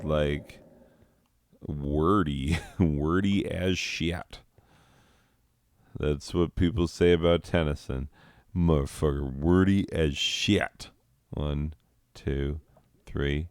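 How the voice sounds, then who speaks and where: Slow-talking, rambling stoned man. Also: extremely low pitch, a little mellow, no echo. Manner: rambling, profane, laughs often at his own jokes. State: high. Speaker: host. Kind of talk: rambling gameplay chat.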